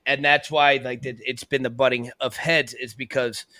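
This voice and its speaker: A man's voice: medium pitch, level tone, normal speed, bright, forceful tone, no room sound. A man in his thirties, a bartender guest on a podcast, talking in a blunt, laid-back and casual way with some swearing. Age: 30s. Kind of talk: casual chat.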